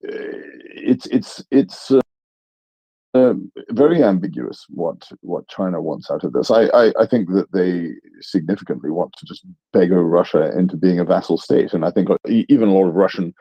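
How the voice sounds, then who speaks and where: A man with a very low voice talks through current events on a live online audio panel, halting and rambling with self-deprecating asides. The sound is dry and close but muffled, like a streamed call. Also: expressive, gravelly, slightly rough, dry recording. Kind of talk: casual analytical discussion.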